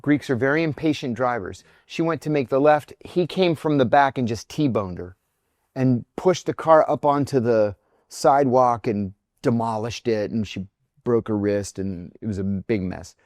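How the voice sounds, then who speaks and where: A man's voice: medium pitch, moderate pace, dry recording, clean studio sound. Middle-aged man telling a story. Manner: animated storyteller acting out quoted voices. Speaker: former intelligence officer guest. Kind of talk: storytelling in a podcast interview.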